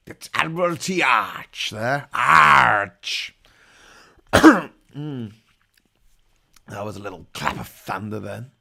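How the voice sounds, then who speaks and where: Host, man: gravelly, bright voice, lively pitch, riffing in a mock pirate voice on a live stream. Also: slow pace, pauses often. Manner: jokey pirate-talk persona, growling "yar" and "aye"; rambling, irreverent asides. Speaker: livestream host.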